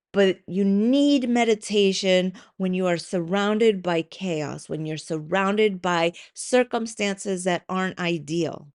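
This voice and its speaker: A woman's voice: mid-range voice, clean tone. A woman hosts her own podcast in a loose, conversational way. She tells a story with plenty of "like" and "um," swears now and then, and slips into little voiced asides. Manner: conversational, with frequent likes and ums. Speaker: podcast host and coach. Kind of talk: casual solo podcast talk.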